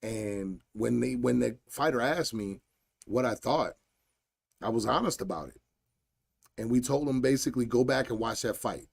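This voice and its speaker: A man with a gravelly, middle-pitched voice hosts a solo podcast. He talks bluntly and with energy, in casual slang, like a fight coach speaking his mind. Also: moderate pace. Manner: blunt and animated, slangy storytelling.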